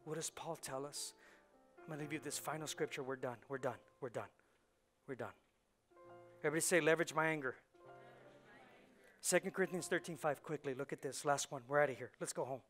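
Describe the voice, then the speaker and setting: A man preaching a sermon as pastor, swinging from hushed, quiet lines to loud, rising ones and repeating phrases for emphasis. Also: fairly high pitch, a little fast, long pauses, faint music behind. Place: church sanctuary.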